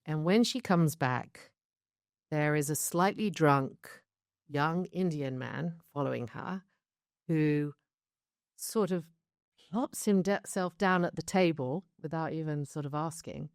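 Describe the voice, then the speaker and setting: A woman from London, England, a show creator, speaks slowly in a deep voice, recorded dry with studio quality. In a candid interview she recounts her life story, chatty and reflective, laughing between stories.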